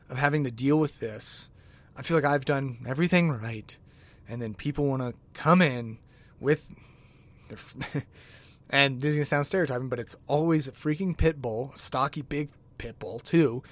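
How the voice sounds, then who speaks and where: A man hosting his own podcast, talking alone in a rambling, exasperated way. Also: mid-range voice. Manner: rambling and exasperated, with many restarts and laughs. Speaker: podcast host. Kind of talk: casual solo podcast rant. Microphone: podcast microphone.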